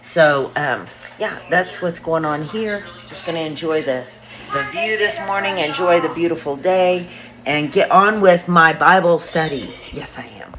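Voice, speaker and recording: This family vlogger, a woman in her sixties, talks at a measured pace in a low-pitched, slightly bright voice, rambling through casual stories with fillers. The recording from her home has the highs cut off, some room echo, and faint noise.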